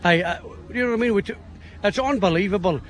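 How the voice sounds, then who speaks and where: A man's voice: high-pitched, fast talker, a bit bright. A man with a Donegal Irish accent chatting at an outdoor show, rambling from one anecdote to the next. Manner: rambling storyteller, chuckling. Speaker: interviewee, event organiser. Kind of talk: casual chat.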